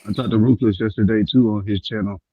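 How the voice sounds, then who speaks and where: A man from Milwaukee calling in to a casual chat, speaking in a relaxed, drawling way. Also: on the low side, quick pace, slightly rough, no echo. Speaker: guest caller. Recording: dull lo-fi line.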